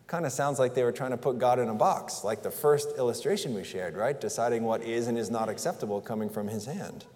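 A man's voice: mid-range voice, fairly quick, hardly any pauses, a little mellow. A man preaching a sermon in an earnest, conversational way, asking rhetorical questions. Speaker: pastor. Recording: long reverb in a large hall.

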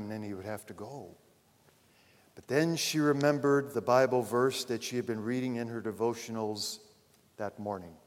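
A man preaching a sermon, telling a story and then addressing his congregation earnestly, rising loud and falling to a hush. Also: medium pitch. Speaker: pastor. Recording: long reverb of a large hall.

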